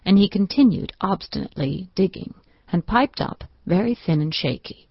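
Woman narrator, classic novel, measured reading, slightly dull, dry recording. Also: medium pitch, animated, slightly rough, dry recording. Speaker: audiobook narrator.

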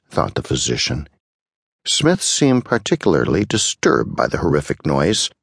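A man narrating a short story in a measured, dramatic storytelling manner. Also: very deep voice, very animated, gravelly, breathy edge, no echo, studio quality. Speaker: audiobook narrator. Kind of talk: scripted narration.

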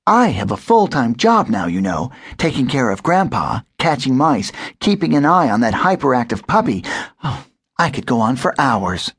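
A young female house cat from a children's storybook, played by a man. She talks briskly and a little self-importantly in a lifted, lively voice with a husky edge. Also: mid-range voice.

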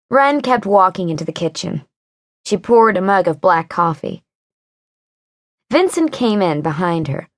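A woman narrating a thriller audiobook in a measured, unhurried way. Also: lowish voice, expressive, creaky, no echo, studio quality. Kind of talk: scripted narration.

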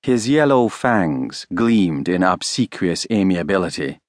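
Male classic-fiction narrator: unhurried, expressive, dry studio read. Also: low-pitched, no echo. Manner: measured, expressive reading. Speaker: audiobook narrator. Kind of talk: scripted audiobook narration.

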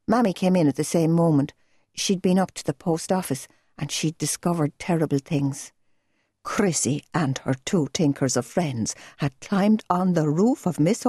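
A woman reading a novel aloud as an audiobook narrator, in a measured, gentle storytelling manner. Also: on the low side, slightly rough, no room sound, studio quality. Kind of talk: scripted narration.

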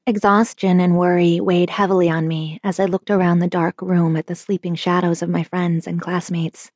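A woman's voice: lowish voice, level tone, darkish tone, dry recording. Woman narrating an audiobook, dry and close. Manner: measured, earnest storytelling. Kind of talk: scripted first-person narration.

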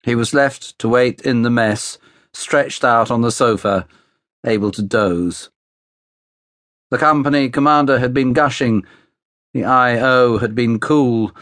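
A man narrating a thriller audiobook in a measured, steady storytelling manner, close to the mic. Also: mid-range voice, dry recording. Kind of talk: scripted narration. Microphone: close studio mic.

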